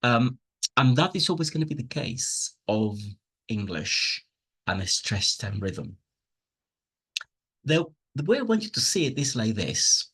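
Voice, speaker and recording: A man's voice: medium pitch, sing-song, a little slow, pauses often, a bit bright, slightly rough. A man teaching a pronunciation lesson from slides, patiently explaining with spoken examples and plainly enthusiastic about teaching. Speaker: English teacher.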